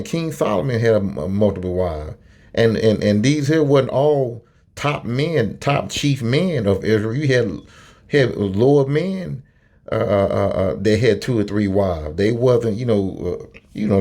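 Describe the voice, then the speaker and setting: A man's voice: mid-range voice, warm tone. A man giving blunt, opinionated commentary on a phone, rambling with many fillers and restarts and plenty of profanity. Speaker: video commentator.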